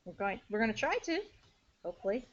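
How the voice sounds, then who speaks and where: A woman's voice: medium pitch, sing-song, fast talker. A woman playing a tabletop game, agreeable and a little stammering. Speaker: player. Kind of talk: casual tabletop play. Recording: dull lo-fi audio.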